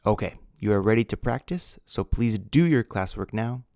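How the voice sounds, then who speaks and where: A man's voice: fairly low pitch, lively intonation, moderate pace, a little mellow, dry recording, clean studio sound. A man teaching English grammar, patiently spelling out words letter by letter. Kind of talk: slow grammar lesson.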